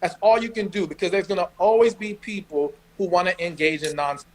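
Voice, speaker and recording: A man's voice: high voice, fairly quick, poor audio. A man with a New York accent giving blunt relationship advice on a podcast, emphatic and slangy. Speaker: podcast co-host. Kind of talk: casual advice chat.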